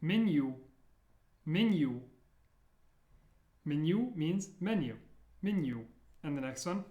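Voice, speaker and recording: Slow, deliberate male language teacher. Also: on the high side, lively intonation, warm tone, reverberant, dull audio. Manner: repeats each sound slowly, playful memory tricks. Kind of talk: slow, deliberate pronunciation lesson.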